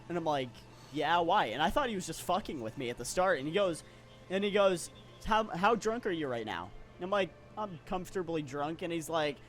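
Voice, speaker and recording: Profane, rambling young man telling a story. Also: a little high. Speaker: podcast co-host. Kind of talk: casual storytelling chat.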